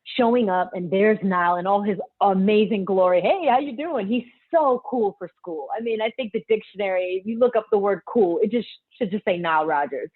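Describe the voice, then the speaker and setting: A young woman singer telling stories in a casual interview, animated and quick to act out what others said. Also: medium pitch, slightly rough, no echo. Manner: animated, acts out quotes, laughs often. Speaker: singer and guest. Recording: tinny phone-line sound.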